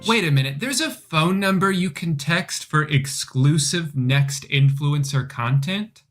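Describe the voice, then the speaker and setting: A man narrating comedic commentary on a reality show, sarcastic and deadpan, swearing casually. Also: a little high, a little slow, hardly any pauses, faint music behind. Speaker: video commentator.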